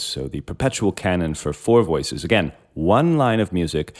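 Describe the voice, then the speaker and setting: A man's voice: fairly low pitch, expressive, moderate pace, hardly any pauses. A man hosting a music lesson, patiently explaining step by step while he plays a keyboard. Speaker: music educator and host. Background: harpsichord playing.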